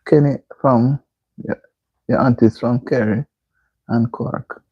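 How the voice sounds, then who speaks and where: A man's voice: fairly high pitch, lively intonation, moderate pace, gravelly, dark tone, slightly rough, no room sound, muffled recording. A man hosting a casual live stream, reading viewer comments aloud and repeatedly asking people to like the stream. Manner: reads viewer comments aloud and keeps urging likes.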